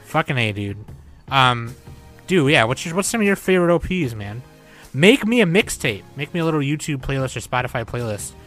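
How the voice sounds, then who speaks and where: A man's voice: medium pitch, sing-song, brisk, a bit bright, faint music behind. A young man hosting a podcast in casual chat, loose and profane, often laughing. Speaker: podcast host.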